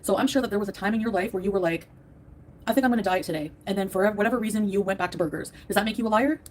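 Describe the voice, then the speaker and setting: A woman streams from home and tears into her chat in a fast, defensive rant full of swearing. She sounds tired and worn down, with her pitch sitting in a middle range. A faint hum of room noise sits under her voice. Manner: defensive, profane, ranting at viewers. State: tired, in a bad mood. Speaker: livestreamer. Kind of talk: angry livestream rant to chat.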